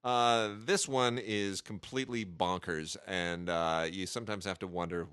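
A podcast host who reviews home video releases chats casually and wryly, joking around with lots of fillers and restarts. His medium-pitched voice is clear, resonant and fairly bright, a little slow, captured with clean studio sound and no room sound.

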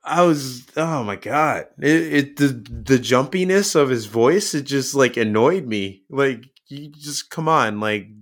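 A man's voice: medium pitch, lively intonation, unhurried, few pauses. A man co-hosting a podcast in casual chat, laid-back, laughing often and leaning on fillers. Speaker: podcast co-host.

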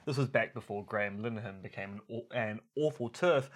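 A man's voice: fairly low pitch, brisk. A man co-hosting a podcast in casual chat, teasing and mock-pompous, breaking into playful put-on voices. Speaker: podcast co-host.

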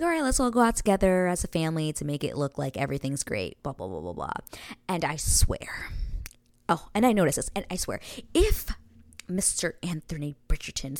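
A woman's voice: lowish voice, gravelly, a little mellow, no room sound. A young woman casually recapping a TV episode, chatty and gushing, sometimes dropping to a whisper. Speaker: show recap host.

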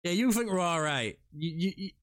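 A man hosts a laid-back gaming podcast, his voice lively and sitting a little high. His nose is blocked, which gives his talk a stuffed-up sound. He jokes and swears freely. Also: a little fast. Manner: joking, animated, swears freely. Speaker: podcast host. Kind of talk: casual gaming podcast chat.

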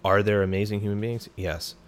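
A man's voice: fairly low pitch, little pitch movement, fairly quick. A man, a former special operations soldier, talking as a podcast guest in a blunt, profane, fired-up way. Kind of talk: casual podcast conversation.

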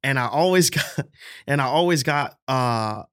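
A man's voice: medium pitch, animated, moderate pace, a bit bright, smooth, dry recording, clean studio sound. A young man from the Bronx with a New York accent, chatting casually as a guest, slangy and profane, laughing often. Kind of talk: casual chat.

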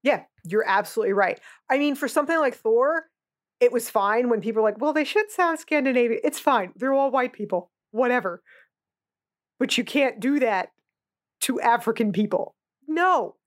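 A woman co-hosting a podcast with a somewhat high voice. She speaks in an animated, outspoken, and blunt way, as in casual chat. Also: moderate pace. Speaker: podcast co-host.

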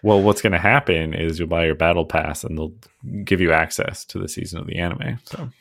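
A man co-hosting a podcast in relaxed casual chat, chuckling and trailing off with fillers. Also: sits low, a little fast, dry recording, studio quality. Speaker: podcast co-host.

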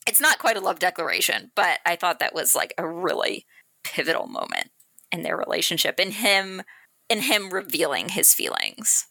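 Bright-voiced woman podcast co-host. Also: on the low side, normal speed, creaky, no echo. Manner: excitable, laughs easily. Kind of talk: casual book chat and reading aloud.

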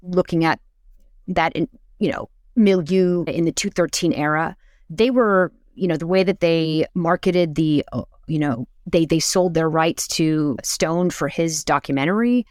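A woman speaking in a hesitant, fairly monotone voice as an interview guest, restarting her sentences often. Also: low-pitched, a little slow, no room sound, studio quality. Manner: hesitant, many restarts and fillers. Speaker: guest analyst. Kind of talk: casual interview talk.

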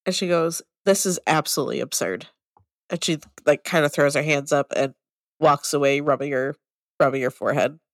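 A woman's voice: sits low, steady tone, a little fast, dry recording, clean studio sound. A woman playing her character in a tabletop role-play, blunt, confrontational and exasperated. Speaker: tabletop game player.

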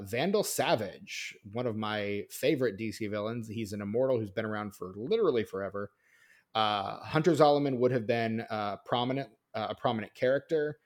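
A man hosting a film podcast in casual chat, walking through a production history from notes with many fillers and restarts. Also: on the low side. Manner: rambling, filler-heavy, reads notes. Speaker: podcast host.

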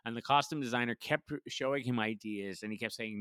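A man's voice: mid-range voice, a little fast, bright, forceful tone, clear, resonant tone, no echo. A man co-hosting a casual podcast chat, rambling with many fillers and frequent laughs. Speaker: podcast co-host. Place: lives in Washington, D.C.

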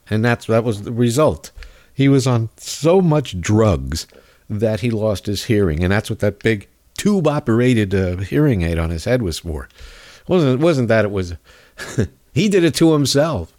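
A man's voice: mid-range voice, lively intonation, unhurried, a little mellow. A man hosting a show, ranting sarcastically about politics, his voice stuffed up with a cold. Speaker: podcast host. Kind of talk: political commentary rant.

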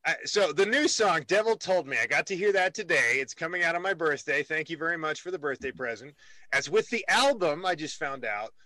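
A man's voice: fairly high pitch, lively intonation, fairly quick, bright, forceful tone, no echo. A man hosting a casual interview, rambling and joking with many restarts. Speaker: radio host.

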